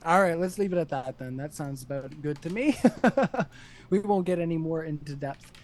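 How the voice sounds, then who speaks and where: A man's voice: on the high side, normal speed, darkish tone. A man moderating a live stream, reading out paid chat messages on a close mic and laughing often. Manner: reads donations aloud, laughs often, chipper. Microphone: close desk mic.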